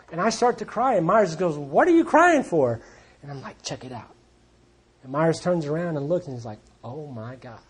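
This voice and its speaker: A man speaking at a recovery group meeting, telling his story in a blunt, plainspoken way with wry humor. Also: on the high side. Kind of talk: personal testimony talk.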